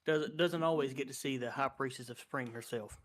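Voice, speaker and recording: A man's voice: mid-range voice, fairly quick, a crowd in the background. A man playing a paladin in a tabletop game, talking hesitantly with many fillers. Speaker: player. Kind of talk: tabletop role-play.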